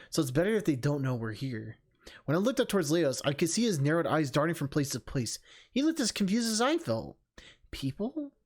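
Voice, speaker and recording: A streamer reading a game's story aloud and breaking off for chatty, laughing asides. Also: medium pitch. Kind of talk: reading narration with live commentary.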